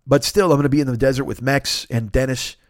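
A man in his fifties hosting a casual solo podcast, rambling and swearing as he tells animated stories. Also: mid-range voice, fast talker, no room sound, studio quality. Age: 50s. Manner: profane, rambling, animated storytelling. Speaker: podcast host.

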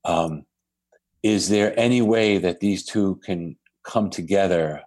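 A man speaks in a fairly low voice as a podcast guest, telling stories at an easy pace. He restarts his sentences often and keeps a reflective tone. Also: slow, a little mellow. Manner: reflective, anecdotal, with frequent restarts. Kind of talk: storytelling in a podcast conversation.

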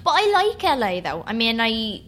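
An Irish actress chatting as a guest, easygoing and quick to laugh. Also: female voice, on the high side, big pitch swings, slight background noise. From Ireland. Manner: warm laughing chat, quick to do American voices. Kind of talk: casual chat.

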